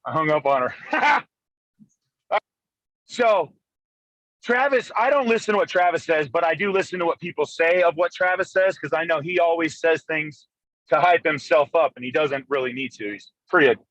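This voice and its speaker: High-voiced man telling a rowdy story. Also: no echo, muffled recording. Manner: profane, fast, animated storytelling. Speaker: guest arm wrestler. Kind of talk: casual storytelling on a call. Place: in a moving car. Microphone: phone call.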